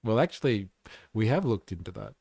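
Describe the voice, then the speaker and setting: A man hosting a casual live stream, reacting to clips with sarcasm, swearing, and frequent laughter. His voice is mellow and dark, and the sound is dry and close to the mic. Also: fairly low pitch, expressive, brisk, gravelly, no room sound. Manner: sarcastic, profane, laughs often.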